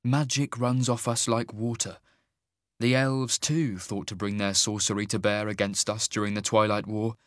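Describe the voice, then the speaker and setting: A man narrating a fantasy audiobook in a measured, even storytelling manner. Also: lowish voice, no echo, studio quality.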